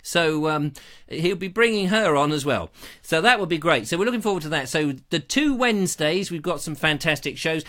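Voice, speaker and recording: A man's voice: a little high, lively intonation, moderate pace, sharp tone. A man hosting a live online show on a lapel mic, chatting in a jokey, rambling, self-deprecating way. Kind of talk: casual rambling live-stream chat.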